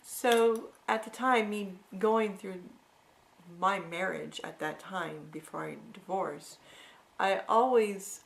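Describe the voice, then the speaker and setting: A woman's voice: mid-range voice, vocal fry, a bit bright. A middle-aged woman talking earnestly and reflectively about her own past, often restarting her sentences. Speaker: vlogger sharing personal experience. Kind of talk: candid personal talk.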